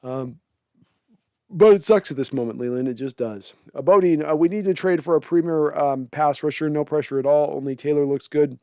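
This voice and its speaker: A man's voice: on the high side, a little fast, mellow, clear, resonant tone, no echo. Exasperated, rambling male sports podcast host. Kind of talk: casual post-game reaction livestream.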